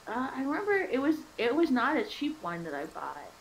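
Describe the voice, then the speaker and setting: A woman's voice: sits high, wildly swooping pitch, brisk, slight background noise, poor audio. A woman chatting casually on a home stream, rambling with lots of fillers. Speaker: stream host. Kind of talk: casual chat.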